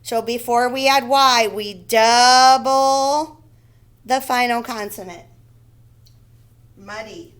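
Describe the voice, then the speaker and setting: A woman teaches first graders in a recorded phonics lesson, using a voice a little higher than most with a fairly bright tone. She goes slowly and deliberately, repeating every word and spelling it letter by letter, often checking in with "okay?" and "right?".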